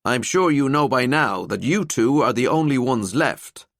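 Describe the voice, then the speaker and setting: A male narrator voicing a living skeleton detective who talks in a wry, chatty, calm way. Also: medium pitch, a little slow, no room sound, studio quality, voice pushed up.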